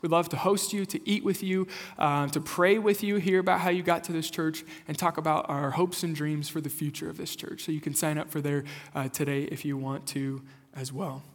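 A young-adult man from rural Kansas, a lead pastor giving a conversational, animated sermon and asking the congregation questions. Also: a little high, fairly quick. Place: church sanctuary. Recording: long hall reverb.

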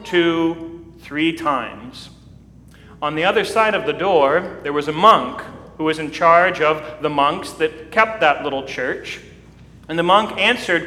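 A man preaching a sermon, telling a story dramatically and building to loud, emphatic peaks. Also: on the high side. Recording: echoey hall with long reverb.

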